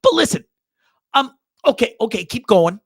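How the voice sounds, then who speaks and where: A man's voice: extremely high pitch, sing-song, normal speed, gravelly, no echo, clean studio sound. A man hosting a show, casually commenting on videos with frequent swearing, stammered repeats and laughter. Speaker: show host.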